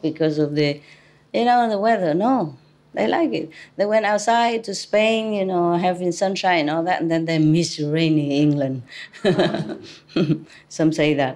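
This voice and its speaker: A woman's voice: fairly low pitch, a little mellow. A woman spiritual teacher giving an informal talk to an audience, chatty and teasing, laughing often, in English that is not her first language. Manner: non-native English phrasing.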